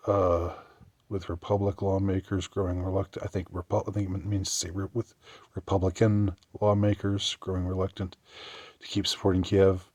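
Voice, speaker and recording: Low-voiced sarcastic male commentator. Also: darkish tone, dry recording. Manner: sarcastic, halting, many restarts. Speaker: commentary vlogger. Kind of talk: political commentary vlog.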